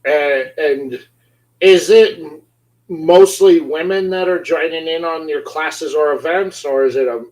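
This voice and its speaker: A man hosting an interview, asking questions in a halting, hesitant way. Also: fairly high pitch, darkish tone, low-quality recording. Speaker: host, interviewer.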